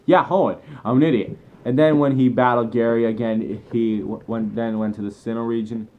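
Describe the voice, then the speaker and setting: A young man vlogging an excited, rambling fan rant with frequent self-corrections. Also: mid-range voice, normal speed, phone-quality sound.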